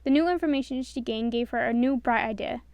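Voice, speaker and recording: Smooth-voiced woman storyteller. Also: on the high side, fast talker, dry recording. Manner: expressive, does all voices. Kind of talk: storybook narration.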